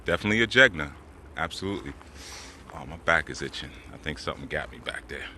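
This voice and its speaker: A man's voice: a bass voice, lively intonation, fast talker, noisy background. A man telling stories in a laid-back, rambling way with slang while walking outdoors in the woods. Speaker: spiritual teacher. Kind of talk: casual talk while walking.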